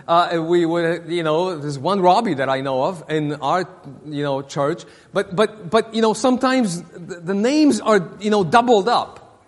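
Pastor guy, high voice, stumbles and repeats himself a lot, church sermon w/ long echo. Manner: halting, repeats words, many fillers. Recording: long reverb of a hall.

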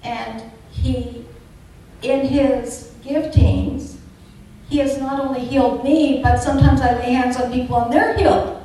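A woman's voice: high-pitched, mellow. An older woman giving an earnest, chatty personal faith testimony with fervent emphasis. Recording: echoey room from a distance, faint noise.

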